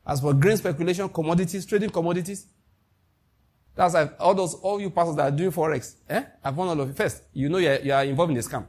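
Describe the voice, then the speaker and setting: A man with a Nigerian accent preaching a sermon as pastor, emphatic and animated, with Pidgin asides. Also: on the high side, quick pace, husky.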